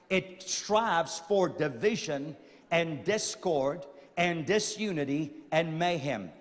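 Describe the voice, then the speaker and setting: A man preaching a sermon emphatically, repeating phrases and swinging from quiet to loud. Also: high-pitched. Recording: long hall reverb.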